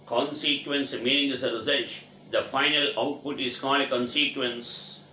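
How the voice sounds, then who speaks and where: A man from India teaches English vocabulary, spelling out each word letter by letter and answering his own questions as he explains them. His voice is medium-pitched and steady, at a normal speed, with a pushed, bright quality. The recording has an echoey room sound and faint noise.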